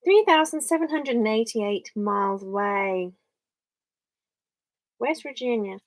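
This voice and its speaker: A woman's voice: fairly high pitch, lively intonation, unhurried, long pauses, no echo, rough recording. A young English woman chatting casually on a live stream from her home office, rambling and thinking aloud as she reads viewer comments.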